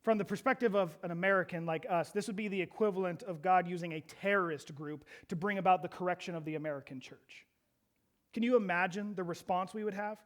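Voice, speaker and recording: A man with a high voice for a man preaches a sermon to his congregation. He asks them rhetorical questions and acts out quoted prayers, his intensity climbing as he goes. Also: brisk. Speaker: pastor.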